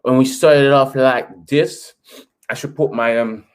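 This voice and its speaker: A man's voice: mid-range voice, steady tone, slow, smooth. A British man hosting a casual football stream, ranting and sarcastic, a little sniffly. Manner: ranting, sarcastic, switches to a posh reading voice for quotes. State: slightly sniffly. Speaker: football channel host. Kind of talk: casual live stream commentary.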